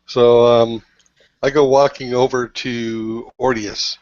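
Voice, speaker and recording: A man playing a tabletop game, describing his character's actions in a relaxed way. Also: mid-range voice, dry recording, muffled recording. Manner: relaxed, unhurried. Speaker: player. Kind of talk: tabletop game play, casual.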